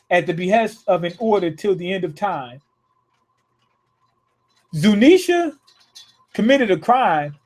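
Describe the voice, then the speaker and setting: A man with a notably high voice reacts live to a manga chapter. He reads lines aloud, stumbles and restarts, and curses freely as he gets worked up. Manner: profane, excitable, rereads lines aloud with many restarts.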